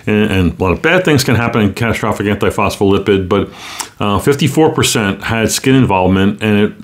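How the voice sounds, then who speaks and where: A man's voice: on the low side, animated, fairly quick. A man with a New York accent hosting a casual medical news podcast, chatting with jokes and many ums and uhs. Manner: chatty, joking asides, frequent ums and uhs. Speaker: podcast host, rheumatologist.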